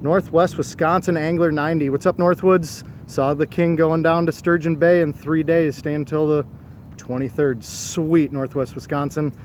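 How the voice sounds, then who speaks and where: A man's voice: a little high, flat delivery, normal speed, a little mellow, slight background noise. A man co-hosting a live fishing stream outdoors at night, greeting viewers by name and chatting casually about catfish. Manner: reads out viewer names and greetings. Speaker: fishing show co-host.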